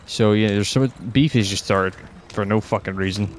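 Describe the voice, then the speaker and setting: A Scottish man hosting a casual podcast rants bluntly and rambles, swearing heavily. His voice sits on the low side at a normal speed, with a little hiss or hum, and he sounds exasperated and fed up.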